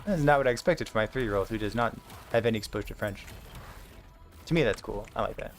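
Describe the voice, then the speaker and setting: In a casual gaming stream, a man in his thirties rambles through a story packed with fillers. His voice sits on the low side, he talks fast, and there's slight background noise.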